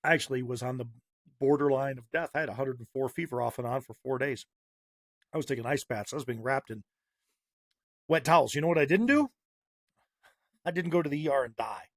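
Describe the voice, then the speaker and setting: A man's voice: mid-range voice, brisk, long pauses, dry recording, clean studio sound. A man hosting a podcast, delivering a heated, sarcastic opinion monologue with punchy repetition. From Massachusetts. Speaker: podcast host.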